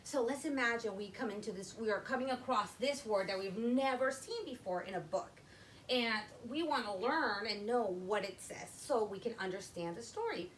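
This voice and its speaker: A woman teaching young children to read, walking through each step slowly and patiently. Her pitch swings widely as she speaks, and a faint hiss sits under her voice. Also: animated, fairly bright tone, poor audio. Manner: slow, step-by-step, addressing children. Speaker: literacy teacher. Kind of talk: classroom phonics lesson.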